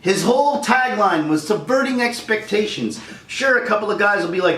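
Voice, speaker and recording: A middle-aged man rants with heated energy, his pitch swinging wildly as he acts out voices. His voice sits a bit high for a man. The room is echoey, the mic is some distance away, and faint noise hums underneath. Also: lively intonation, a little fast, hardly any pauses, fairly bright tone. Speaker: vlogger. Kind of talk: angry rant.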